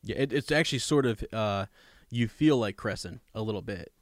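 A man with a fairly low voice talks through a book scene in a rambling, emphatic way, often restarting his sentences. The sound is close and dry. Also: moderate pace, no room sound. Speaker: podcast co-host discussing a book. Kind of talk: casual chat with read-aloud passages.

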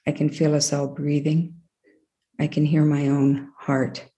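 A middle-aged woman with a very low voice tells a personal story. She speaks plainly and reflectively, with dry asides. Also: flat delivery, measured pace, warm tone. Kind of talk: personal story told to an audience.

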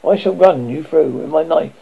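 A man's voice: a little high, fairly quick, vocal fry, breathy edge, full character voice. A man reading as a fierce little robber girl. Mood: blunt. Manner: blunt, threatening. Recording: dull lo-fi recording.

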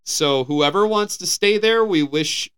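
Bright, clear-voiced American man joking. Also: sits high, a little slow. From United States. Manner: joking, stumbles over words while reading. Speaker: podcast co-host. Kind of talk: casual podcast chat, reading headlines.

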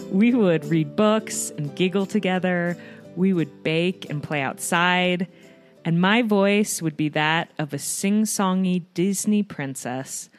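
A woman's voice: sits low, no echo. A woman in her thirties hosting a podcast for moms, reading a scripted opening with light humor. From United States. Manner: warm, reads a written intro with light self-deprecating humor. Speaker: podcast host.

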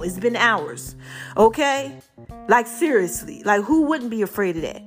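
A woman's voice: on the high side, expressive, normal speed, faint music behind. A woman hosting a casual motivational podcast, short of breath, chatty and preachy, now and then breaking into song. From Brooklyn. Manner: preachy, chatty, sings snatches. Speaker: podcast host.

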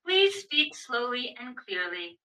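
An actress voicing a polite automated elevator that keeps asking people to repeat themselves. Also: female voice, a little high, big pitch swings, slow pace, pushed and bright, recorded from a distance, full character voice, low-quality recording. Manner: polite, repetitive prompts. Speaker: voice-recognition elevator.

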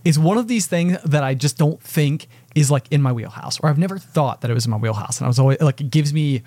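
A man's voice: on the high side, fast, warm tone, dry recording. A man co-hosting a podcast in casual chat, rambling and self-deprecating, with many fillers. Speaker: podcast co-host. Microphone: podcast mic with headphones.

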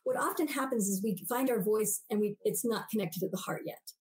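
A woman's voice: mid-range voice, a little fast, a little mellow, poor audio. A woman guest on a podcast interview, explaining ideas animatedly and acting out everyday voices as she goes.

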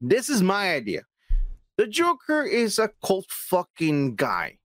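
A man's voice: high-pitched, huge pitch swings, slow pace, a bit bright, dry recording. A man co-hosting a podcast in casual chat, emphatic and swearing heavily as he argues his point. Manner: emphatic, heavy swearing, repeats "come on, man". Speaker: podcast co-host.

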